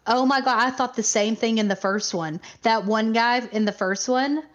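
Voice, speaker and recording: A woman co-hosting a podcast in casual chat, excitable and quick to rant and laugh. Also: a little high. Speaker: podcast co-host. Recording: muffled lo-fi recording.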